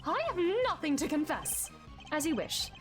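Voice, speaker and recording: A woman reading the lines of a composed, formal male prosecutor in measured tones. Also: sits high, sing-song, voice pushed up. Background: game music.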